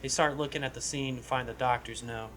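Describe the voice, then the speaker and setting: Bright-voiced man pitching a script. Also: steady tone, brisk, a little hiss or hum. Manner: rambling, profane, frequent restarts. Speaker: podcast co-host. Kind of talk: casual chat pitching a script.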